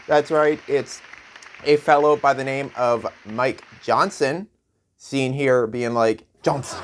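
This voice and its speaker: A male host reads a comedic news monologue, unhurried and sarcastic. His voice sits a little high, and he chuckles at his own jokes. A faint hiss runs under the recording. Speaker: late-night comedy show host.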